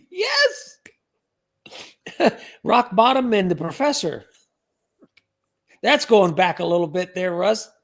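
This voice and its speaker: A man's voice: high voice, big pitch swings, slow, pauses often. A man hosting a casual live stream, rambling and joking as he reads out chat comments.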